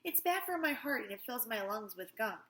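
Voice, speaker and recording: A woman's voice: on the high side, big pitch swings, brisk, bright, forceful tone. Woman doing storybook woman patient, smoker, flustered, slightly raised voice. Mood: complaining. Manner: complaining, then dazed repeating. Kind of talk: storybook read-aloud.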